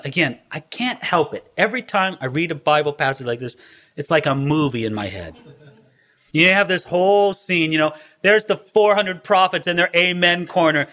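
Animated, high-voiced male preacher. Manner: animated storytelling, acting out scenes. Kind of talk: expository sermon.

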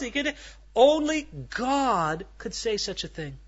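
A man's voice: very high voice, sing-song, slow, slightly rough, highs cut off. A man preaching a verse-by-verse sermon, telling stories and asking his listeners rhetorical questions. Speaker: pastor. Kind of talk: expository sermon.

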